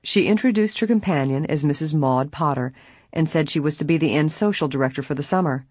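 A woman narrating an audiobook in a measured, clear storytelling manner. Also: low-pitched, a little mellow, dry recording, studio quality.

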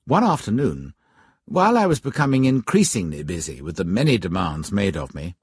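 A man narrating a story in a calm, orderly way. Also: low voice, a little fast, slightly rough, no echo, studio quality.

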